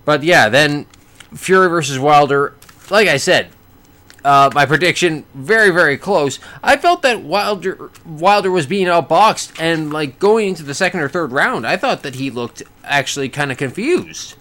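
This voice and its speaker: A man casually recapping a boxing match he watched, rambling with many restarts and bursts of excitement. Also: on the high side, moderate pace. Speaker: boxing fan reviewing a fight.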